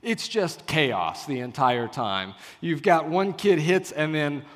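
A man in his thirties preaches in a church sanctuary, slipping into an animated storytelling mode as he acts out both sides of a conversation. His voice sits fairly high for a man. A long reverb from the hall trails each phrase. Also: slow. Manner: animated storyteller acting out dialogue. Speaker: pastor. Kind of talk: sermon storytelling.

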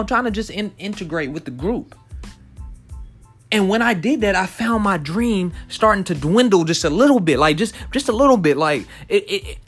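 A man's voice: on the high side, fairly bright tone. A man hosting a motivational podcast, talking straight to his listeners with fervent, repetitive urging. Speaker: podcast host.

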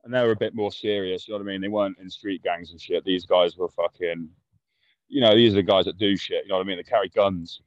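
In dry, dull-sounding audio, a young male guest speaks in a low voice with fairly even intonation at a quick pace. His casual storytelling is blunt and full of swearing, and he performs the quotes of the people involved.

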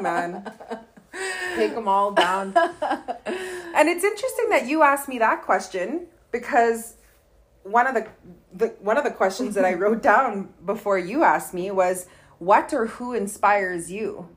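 A woman's voice: on the high side, lively intonation, measured pace. A woman from Canada, a guest telling personal stories in a candid, chatty way, full of likes and ums. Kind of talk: casual storytelling conversation.

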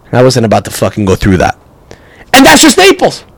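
A young man hosting a podcast, telling stories in a profane, rambling, animated way. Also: medium pitch, fairly quick, gravelly, no room sound, poor audio. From Canada. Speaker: podcast host. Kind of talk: casual storytelling rant.

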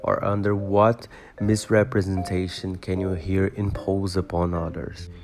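A man voicing a spirited, indignant young woman in a storybook reading, with a forceful, accusing delivery. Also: low-pitched, little pitch movement, measured pace. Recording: guitar music behind voice.

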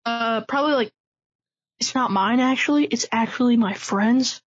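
A man's voice: extremely high pitch, moderate pace. A man co-hosting a casual chat, goofing around with over-the-top, rambling fake apologies. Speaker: co-host. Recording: dull lo-fi borrowed mic.

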